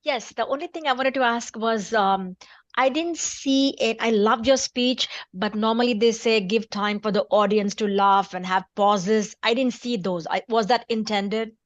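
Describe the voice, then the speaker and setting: A woman's voice: on the high side, a little slow, no echo, highs cut off. A woman attending a workshop, asking a polite, hesitant question.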